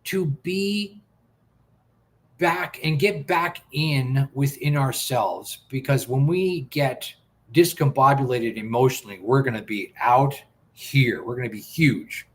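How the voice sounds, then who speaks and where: An earnest male host telling a personal story at an ordinary, middle pitch. He circles back and repeats words as he builds up the tension, sounding sincere rather than polished. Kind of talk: personal storytelling on a talk stream.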